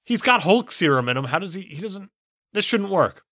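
Lively, bright-voiced podcast man. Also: high-pitched, a little fast, no room sound, studio quality. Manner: animated, sarcastic, frequent laughter. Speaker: podcast co-host. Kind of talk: casual movie recap chat.

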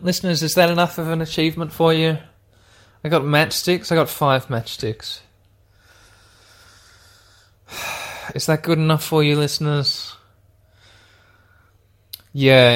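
A man's voice: a little high, a bit bright. A man talks through a text adventure on his own podcast. He rambles and mocks himself, and he keeps addressing his listeners directly. It sounds like a home podcast recording. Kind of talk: casual let's-play commentary.

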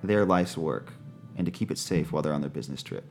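A man narrating a tabletop role-playing game as game master, slowing down to describe scenes, laughing and swearing casually. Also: very deep voice, vocal fry, soft background music.

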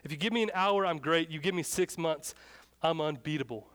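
A young man delivers a sermon in a relaxed, chatty way. His voice sits a little high for a man. He tells stories and plays out the people in them. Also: brisk, smooth. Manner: casual, storytelling, acts out shouted dialogue. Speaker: pastor.

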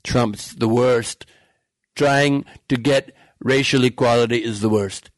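A man's voice: medium pitch, fairly even intonation, takes it slowly, no room sound, lightly acted. A man doing a mocking impression of a blustering male politician who rambles and repeats himself in a self-satisfied way.

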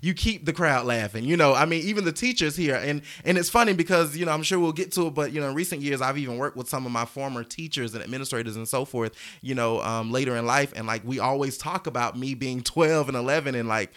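A man in his thirties from the American South telling stories from his past as an interview guest, animated, acting out voices and laughing often. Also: medium pitch, fast talker, few pauses. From Georgia, US. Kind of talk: storytelling in casual conversation.

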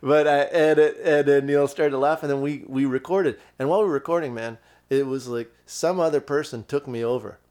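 A man, a musician guest, telling a story in casual chat, animated and profane with lots of restarts. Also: medium pitch, brisk. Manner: animated, swearing, many restarts and fillers.

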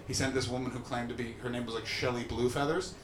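A man hosting a live comedy podcast in front of an audience, ranting and swearing, swinging from muttered asides to shouting. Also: medium pitch, steady tone, fast talker, a little hiss or hum. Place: live show venue with audience. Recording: echoey live venue.

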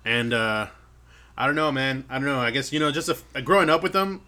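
A man's voice: mid-range voice, lively intonation, a little fast, pushed and bright. A man talking in casual chat, hesitant and full of fillers, swearing casually as he thinks aloud.

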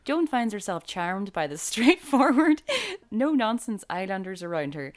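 A woman's voice: medium pitch, sing-song, moderate pace. A young woman co-hosting a film podcast, chatting casually and laughing often. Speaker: podcast co-host.

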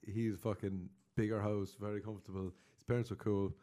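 A man's voice: lowish voice, brisk. A young Irish man in casual chat, telling stories with lots of laughter and casual swearing. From Ireland. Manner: animated storytelling, laughs a lot, swears casually.

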